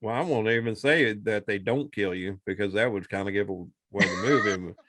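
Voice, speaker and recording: Speaking fairly quickly in a lowish voice, this male podcast co-host rambles his way through a movie plot, voicing the characters' quotes with animation. It's casual chat on a dry recording.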